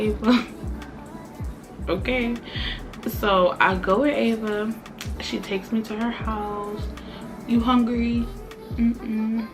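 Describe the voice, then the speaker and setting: A young woman tells a story to camera, acting out each quoted line. Her voice sits at an ordinary middle pitch, and faint music plays underneath. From Brooklyn, New York. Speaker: vlogger. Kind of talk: storytime chat.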